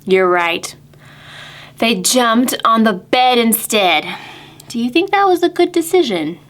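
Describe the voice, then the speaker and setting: A woman librarian reading a picture book aloud to preschoolers, expressive and animated, sometimes dropping to a whisper. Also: fairly high pitch, takes it slowly. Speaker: children's librarian.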